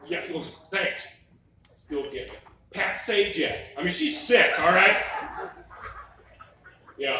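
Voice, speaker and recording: A middle-aged man doing a stand-up comedy set in a club, wry and animated, teasing the crowd. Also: a little high, a little hiss or hum. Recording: live club mic, echoey room, distant.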